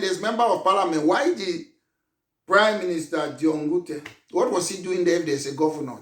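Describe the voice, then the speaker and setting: Indignant high-pitched Cameroonian man, echoey. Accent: Cameroonian English. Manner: indignant, emphatic, scolding, bursts of shouting. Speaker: political party leader. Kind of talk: impassioned political speech.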